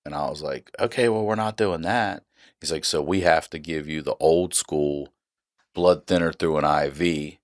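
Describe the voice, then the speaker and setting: A man's voice: very deep voice, normal speed, dry recording, studio quality. A middle-aged man on a podcast, casually telling a profane story and acting out the people in it. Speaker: podcast guest.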